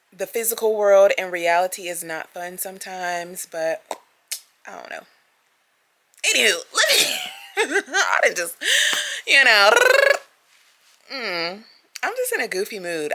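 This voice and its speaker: A woman chats casually to her viewers, giggly and chatty. Her voice is bright and her pitch swoops all over. She lingers over words at an unhurried pace. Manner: animated and giggly, chatty asides. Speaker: vlogger. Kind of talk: casual chat.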